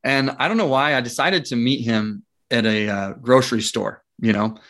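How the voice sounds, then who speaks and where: A man, a guest in a casual interview, telling a story in a lively way, acting out the dialogue and laughing often. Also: medium pitch, normal speed. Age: adult with young children. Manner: frequent fillers and restarts. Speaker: interview guest, property investor.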